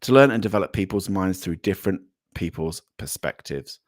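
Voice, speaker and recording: A British man runs a casual live chat in a fairly low voice, rambling through viewer comments with frequent ums. His thanks to donors come out in sudden high bursts. The sound is close and dry, with no room around it. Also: expressive, brisk, no echo. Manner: effusive thanks, voice jumping up for donors. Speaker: livestream host.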